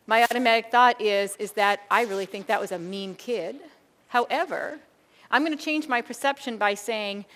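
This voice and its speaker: A middle-aged woman speaking as a school behavior consultant, giving a lively keynote talk to an audience of educators and calling them folks. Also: fairly high pitch, normal speed. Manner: animated, addresses audience as folks, acts out quoted thoughts.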